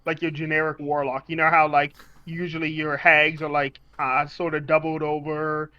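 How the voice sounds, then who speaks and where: A man's voice: a little high, completely flat delivery, normal speed, clear, resonant tone, lo-fi sound. A man playing a tabletop game, rambling through a character description with lots of fillers. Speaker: player.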